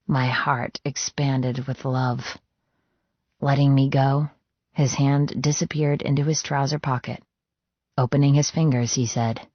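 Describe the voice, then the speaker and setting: A man giving a measured, even and intimate scripted audiobook narration. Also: mid-range voice, dry recording. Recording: dull, lo-fi dry studio read.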